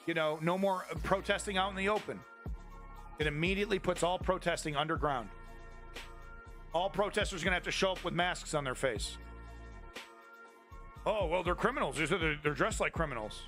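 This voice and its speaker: Man, live-stream host, heated, profane, rambling, higher pitch, soft background music. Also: normal speed. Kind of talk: angry political commentary to chat.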